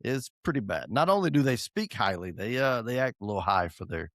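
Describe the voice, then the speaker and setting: A man's voice: medium pitch, sing-song, brisk, a bit bright, no room sound, clean studio sound. A middle-aged man, co-hosting a podcast in casual chat, joking and teasing and laughing often. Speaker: podcast co-host.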